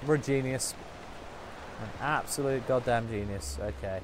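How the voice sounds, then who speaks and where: A man with a mid-range voice streams a video game, chatting and joking casually with his viewers at a normal speed while muttering to himself. There's noise in the background of this casual gameplay commentary.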